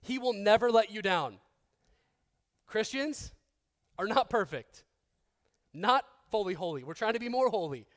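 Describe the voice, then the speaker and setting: A man in his thirties preaching a sermon as pastor, conversational and joking, with restarts, who acts out quoted people in a softer, lower voice. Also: expressive, a little slow, pauses often.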